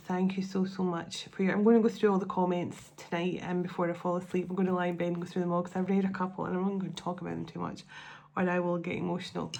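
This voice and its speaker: Gravelly low-voiced woman, emotional and rambling. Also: dark tone. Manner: emotional, rambling, with many restarts. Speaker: tarot and spiritual channel host. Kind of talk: casual heartfelt talk to viewers.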